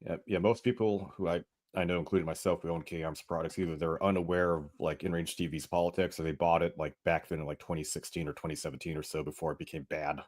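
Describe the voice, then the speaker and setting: Man, rambling casual talk, low voice, quick pace. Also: steady tone, a little mellow. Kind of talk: casual chat.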